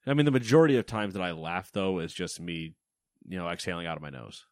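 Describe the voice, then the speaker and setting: A man's voice: sits low, quick pace, dry recording, clean studio sound. A man co-hosting a casual gaming news podcast, joking around and reading game lists with playful emphasis. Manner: lively, jokey, reads lists with playful emphasis. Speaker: podcast co-host.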